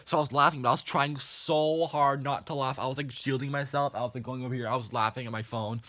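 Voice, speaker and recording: A young man vlogging a storytime, animated and full of swearing and "like" fillers. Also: mid-range voice, fast, dry recording, clean studio sound. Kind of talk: storytime vlog.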